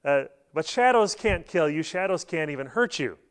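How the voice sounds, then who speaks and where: A middle-aged man preaching a sermon in a church, telling stories and acting out quotes with sudden loud bursts. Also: fairly high pitch, lively intonation, moderate pace, clear, resonant tone. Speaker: pastor.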